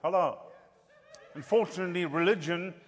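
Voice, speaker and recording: A man preaching a sermon, telling healing stories and building to loud, fervent exclamations. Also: sits high, normal speed, breathy edge, long reverb tail. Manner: storytelling, rising to loud exclamations.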